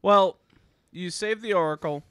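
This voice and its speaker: A young man chats on a gaming podcast in a bright, crisp voice pitched a little high. He talks animatedly, swears freely and now and then slides into put-on voices. The room sound is dry and close. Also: measured pace, no echo. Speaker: podcast co-host. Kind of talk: casual chat.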